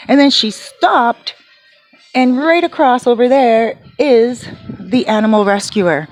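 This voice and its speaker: A woman vlogger speaks casually from her home by the garden. She retells a sad story with feeling, quoting people and pausing on fillers. Faint music plays behind her. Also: on the high side. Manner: emotional, retelling with quoted dialogue and fillers.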